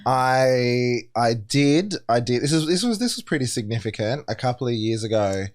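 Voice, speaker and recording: A man's voice: mid-range voice, animated, moderate pace. A young man sits in as a podcast guest, a few drinks in. He tells his stories loosely, laughing along and swearing freely. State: tipsy from drinks. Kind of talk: casual podcast chat.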